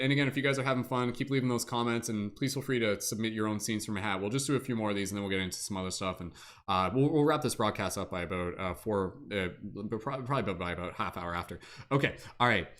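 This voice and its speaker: A man's voice: mid-range voice, fairly bright tone. A young man casually hosting an improv game on a podcast, rambling with lots of fillers and restarts. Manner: rambling, filler-heavy, self-correcting. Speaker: host.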